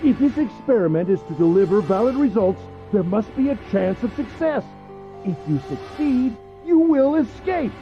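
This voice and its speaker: A pompous, mocking captor. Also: male voice, sits high, animated, normal speed, dull audio, faint music behind. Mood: smug. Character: smug, cruel older male captor. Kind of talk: video game voice acting.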